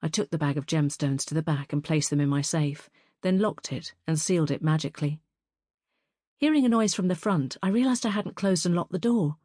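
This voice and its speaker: A woman narrating a first-person fantasy story as an audiobook reader, in a measured, even storytelling manner. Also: low-pitched, no room sound, clean studio sound.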